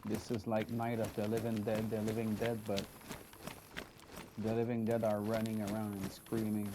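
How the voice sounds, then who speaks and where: Guy doing a tired survivor talking to himself, low flat voice, loud game noise behind. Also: normal speed, close to an everyday voice. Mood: grim. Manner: quiet, low-key inner musing. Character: weary male survivor musing alone. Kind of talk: game role-play narration.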